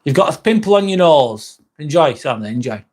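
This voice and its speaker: A man's voice: on the high side, very animated, fairly quick. A young man, chatting bluntly on a live stream, reading and answering viewer comments and swearing freely. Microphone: phone.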